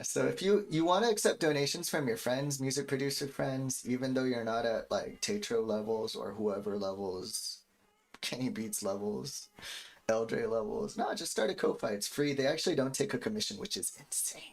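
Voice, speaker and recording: A man's voice: mid-range voice, normal speed. A man in his thirties, a music producer, chatting casually and rambling to his stream viewers while he makes a beat. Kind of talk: casual livestream chat while making beats. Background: faint beat music.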